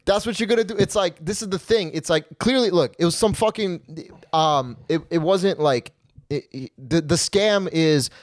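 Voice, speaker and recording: A man's voice: sits high, moderate pace, no echo, studio quality. Profane, rambling comedian man. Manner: profane, rambling, repeats "okay?" and "right?". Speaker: comedian podcast host. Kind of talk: casual comedic storytelling.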